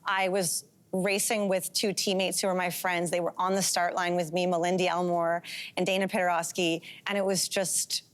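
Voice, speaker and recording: A woman's voice: fairly low pitch, level tone, moderate pace, clean tone. Chatty woman in her forties. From Canada. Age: 40s. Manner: candid, chatty, with frequent um fillers and light laughs. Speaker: guest, pro distance runner. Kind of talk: talk show interview.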